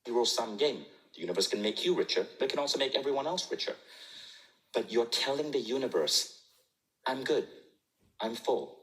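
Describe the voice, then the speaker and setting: A middle-aged man from Malaysia telling a personal story in a jokey, animated way, laughing at his own punchlines. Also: mid-range voice, quick pace, poor audio. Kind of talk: humorous storytelling talk.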